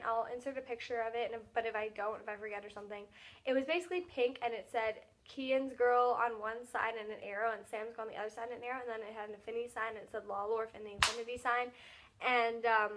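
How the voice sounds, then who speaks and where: A teenage girl gushes through a casual vlog recap, her voice bright and a little high. She rattles along quickly, stacking "like" and "um" between every thought. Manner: gushing, fast, filler-heavy with lots of "like". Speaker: vlogger.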